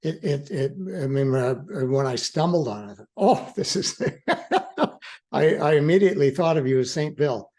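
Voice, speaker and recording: An older man talks through his ideas in a relaxed interview. He is earnest and halting, circling back and restarting his sentences, and he laughs easily. His voice sits at an ordinary, middle pitch. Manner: halting, with frequent restarts and fillers. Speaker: guest, attorney in recovery. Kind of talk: reflective conversational interview.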